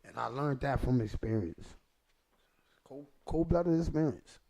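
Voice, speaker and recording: A man's voice: medium pitch, lively intonation, a little slow, gravelly, dark tone. A man hosting a podcast, telling an emotional personal story in street slang and repeating phrases for emphasis, choked up at times. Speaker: podcast host.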